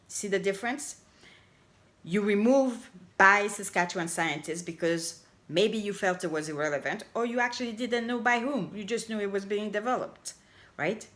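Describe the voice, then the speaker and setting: A middle-aged woman coaching on language, giving an upbeat, emphatic grammar lesson and slowly stretching out her example phrases. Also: medium pitch, animated, fairly bright tone. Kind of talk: casual explainer lesson to camera.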